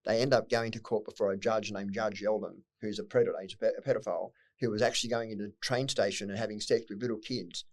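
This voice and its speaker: A middle-aged Australian man with a fairly low voice, talking quickly and bluntly. He swears freely as he recounts hard memories, and emotion breaks through now and then. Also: fairly even intonation. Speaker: podcast guest. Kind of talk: candid personal storytelling.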